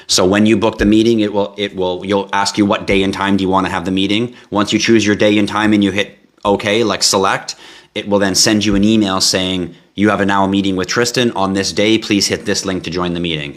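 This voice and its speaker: Low-pitched male livestream host, tired, relaxed and chatty, answering viewer questions off the cuff. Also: brisk. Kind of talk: casual live Q&A.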